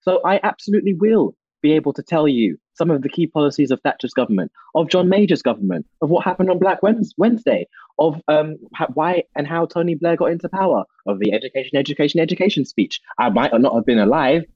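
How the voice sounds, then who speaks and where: Young man, husky, passionate interview talk, dull dry sound. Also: quick pace, no room sound. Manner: passionate, restarts often, rising pitch when animated. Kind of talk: candid conversational interview.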